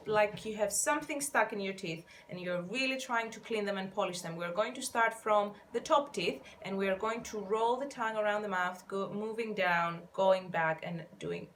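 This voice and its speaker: A woman vocal coach gently guiding listeners through a warm-up, counting and demonstrating each exercise in an encouraging way. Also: mid-range voice, slight background noise. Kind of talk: guided vocal warm-up instruction. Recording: faint piano underneath.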